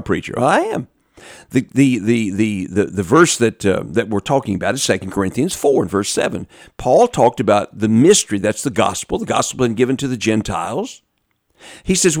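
A man's voice: no room sound, studio quality. A man preaching a sermon in a folksy, emphatic way, with many restarts, talking straight to his congregation. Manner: emphatic, with big pitch swings, repeats and restarts; folksy, talks directly to the congregation.

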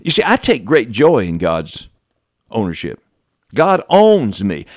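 A male preacher telling a story inside a sermon. His voice climbs and falls widely, pushing some lines hard and stretching others slow and soft, with a chuckle between lines. The sound is dry and close. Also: mid-range voice, no echo. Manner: animated, swings between loud emphasis and quiet drawn-out phrases.

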